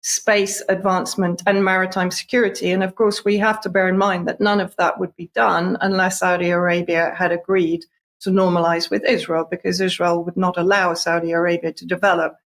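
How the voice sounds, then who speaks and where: A woman giving steady, analytical news commentary. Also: fairly low pitch, fairly quick.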